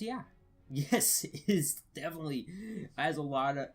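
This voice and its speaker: A man's voice: on the high side, lively intonation, moderate pace. Rambling man with faint music behind. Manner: rambling, full of fillers and restarts. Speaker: video reviewer. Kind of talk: casual spoken review.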